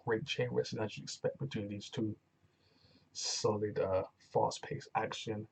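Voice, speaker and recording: A man's voice: on the low side, gravelly, a little hiss or hum. A man giving a casual, rambling review of a wrestling show, retelling segments with loose commentary. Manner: rambling, animated retelling with acted quotes and laughs.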